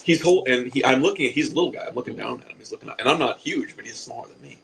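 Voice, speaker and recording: A man's voice: medium pitch, lively intonation, racing, gravelly, slight background noise, low-quality recording. A man in his forties telling a rambling, profane comic story on a podcast, laughing at his own jokes. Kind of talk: casual comic anecdote.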